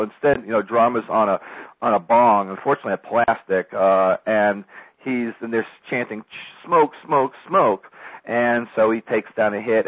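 A man's voice: lowish voice, dry recording. A man giving casual weekly commentary as a regular guest, rambling with many fillers. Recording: dull lo-fi sound.

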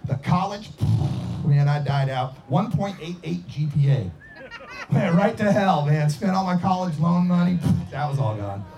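Man, 40s, from Idaho, high-pitched, very animated, casual storytelling, acts out sounds.

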